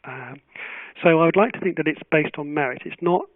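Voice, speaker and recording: A man answering webinar questions as a journal editor, speaking in a thoughtful, measured way with frequent restarts. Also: on the high side, no echo. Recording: tinny phone-like webinar audio.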